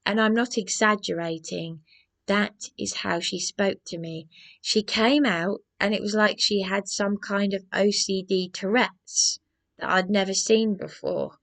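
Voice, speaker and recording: Brief: woman vlogger, gravelly voice, slow aggrieved rant full of restarts. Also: medium pitch, steady tone, fairly bright tone. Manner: agitated, aggrieved ranting with many restarts. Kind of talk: rambling personal monologue.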